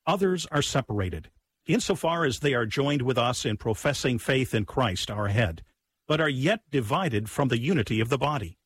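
Husky-voiced man reading in a dry room. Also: medium pitch, no echo. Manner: earnest, measured reading. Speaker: liturgical reader. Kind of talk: reading a patristic text.

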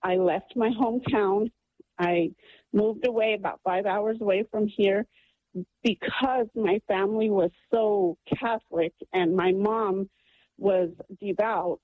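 A woman phones in to a radio show and earnestly tells a long personal story, filling it with many ums. Her voice is medium in pitch, steady in tone and slow-paced, and it comes through a tinny phone line.

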